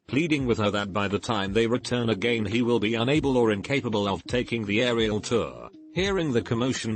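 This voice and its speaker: A man narrating online posts and jokes in a steady, even storytelling read. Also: on the low side. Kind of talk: reading online posts aloud. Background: faint music.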